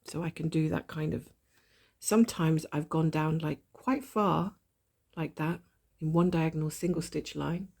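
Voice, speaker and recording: A woman with a gravelly voice and a blocked nose from a cold, chatting casually and thinking aloud while she stitches, with a self-deprecating manner. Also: deep voice, unhurried, a little mellow. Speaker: cross-stitch vlogger. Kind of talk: casual stitch-along chat.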